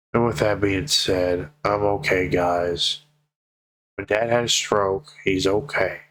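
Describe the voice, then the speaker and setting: Deep-voiced man in a tearful vlog. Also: a bit bright, slight background noise, poor audio. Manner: heartfelt, swears freely, slow pleading emphasis. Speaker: vlogger. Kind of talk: emotional personal vlog.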